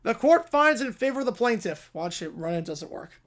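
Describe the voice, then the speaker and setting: A stern, exasperated male judge, voiced by a man in a comic courtroom skit. His rulings are dry and curt. The voice sits fairly high. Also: big pitch swings, normal speed, a bit bright, heavily acted.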